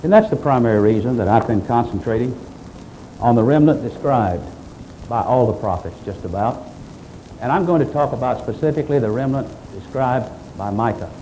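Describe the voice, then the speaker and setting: Man, pastor, sermon, emphatic preaching, mellow tone, faint background noise. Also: medium pitch, expressive, brisk, rough recording.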